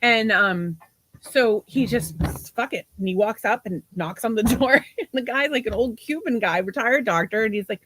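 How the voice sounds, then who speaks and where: A woman's voice: a little high, moderate pace, a bit bright, dry recording. Chatty laughing woman in her forties. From half Portuguese. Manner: chatty, laughs often, swearing. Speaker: podcast co-host. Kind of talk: casual livestream chat.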